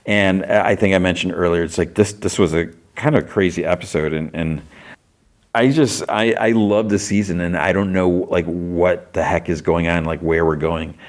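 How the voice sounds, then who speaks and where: A man's voice: sits low, fairly even intonation, moderate pace. A man hosting a podcast, casually recapping TV episodes in a rambling way, with many fillers and restarts. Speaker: podcast host.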